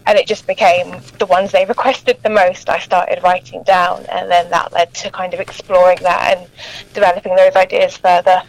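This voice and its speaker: A woman in her thirties, a children's author interviewed over the phone, friendly and gently hesitant. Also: fairly low pitch, little pitch movement, moderate pace, low-quality recording. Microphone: mobile phone.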